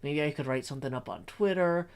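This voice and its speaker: A man's voice: a little high, fast, clear, resonant tone. A middle-aged man chatting casually on a stream, rambling with frequent restarts and fillers. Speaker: streamer and host. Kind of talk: casual chat.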